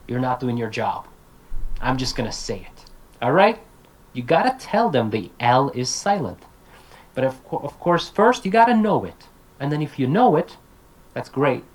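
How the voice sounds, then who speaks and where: A man lecturing language teachers over a video call. He talks with casual, energetic directness and repeats himself. He keeps saying sample words aloud as if drilling a class, in a middle-pitched voice. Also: moderate pace, rough recording. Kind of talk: online talk to language teachers.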